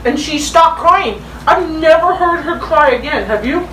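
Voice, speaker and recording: A mother steers a casual family chat over a meal and prompts the others to tell their stories. Her voice sits high. She sounds distant, in a roomy space with faint noise. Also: expressive, unhurried, fairly bright tone. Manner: leads the talk, prompts others to share stories. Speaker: mother, family channel host.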